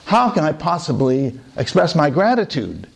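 A man's voice: fairly high pitch, big pitch swings, normal speed, vocal fry, breathy edge, heavily acted. Guy playing a rich man, sure of himself, a bit grand, voice pushed up. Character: rich man, well-off and self-assured.

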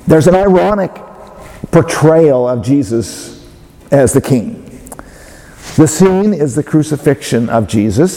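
A man's voice: mid-range voice, dark tone. Man preaching in an echoing hall. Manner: measured, with hesitant fillers and restarts. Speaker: pastor. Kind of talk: sermon. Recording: long hall reverb.

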